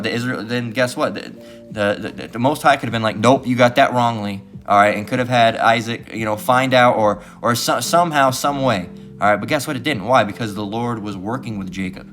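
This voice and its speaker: A man's voice: mid-range voice, fairly bright tone. A man preaching scripture in a combative, profane tone, repeatedly asking "all right?" and "guess what". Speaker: street-style preacher.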